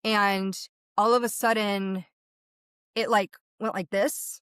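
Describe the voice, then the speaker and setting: A woman at a middle pitch, talking as a medium who is a guest in an interview. She tells her story vividly, speeding up and slowing down with it, in a dry, close sound. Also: steady tone, a bit bright, clear, resonant tone, no echo. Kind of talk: recounting a personal experience in an interview.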